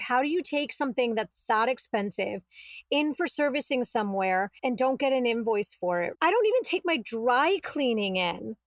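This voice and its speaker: High-voiced woman telling her story. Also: moderate pace, dry recording. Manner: animated, quotes herself and others, exasperated retelling. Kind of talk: casual storytelling.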